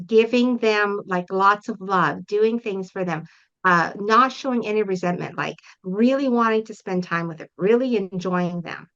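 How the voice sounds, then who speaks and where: Middle-aged woman, parent coach guest; bright, firm tone, earnest explainer, slightly muffled lo-fi sound. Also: a little high. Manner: earnest, explains with frequent check-in questions. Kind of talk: interview guest.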